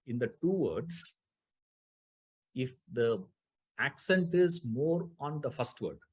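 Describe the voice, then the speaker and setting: A man with a husky, slightly breathy voice of middle pitch teaches a scripture class. He explains grammar step by step, repeats the key terms, and keeps asking his listeners rhetorical questions. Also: sing-song, takes it slowly.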